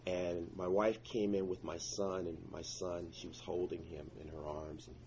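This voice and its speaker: A man with a fairly low voice recounts a personal story earnestly and intensely, calling out to the Lord at tense moments. The recording sounds dull and slightly muffled, with faint noise underneath. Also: flat delivery, normal speed, a little mellow. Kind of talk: personal story told to listeners.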